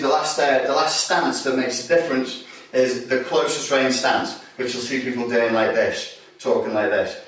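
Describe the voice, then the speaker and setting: Blunt instructor in an echoey room. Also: male voice, fairly high pitch, fairly bright tone, far from the mic. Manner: blunt and profane, acts out bar and door scenes. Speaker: self-defence instructor. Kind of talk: instructional talk with acted examples.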